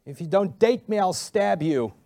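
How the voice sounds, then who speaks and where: A man doing a furious, shouting young woman. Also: sits high, expressive, normal speed, creaky, no room sound. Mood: threatening. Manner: shouting, accusing. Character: furious young woman, hot-tempered and forceful.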